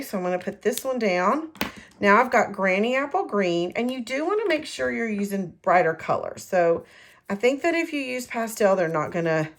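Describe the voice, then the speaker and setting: A middle-aged woman giving a casual, rambling craft tutorial from her home craft room, correcting herself as she goes. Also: mid-range voice. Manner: chatty, rambling, self-correcting. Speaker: card-making demonstrator.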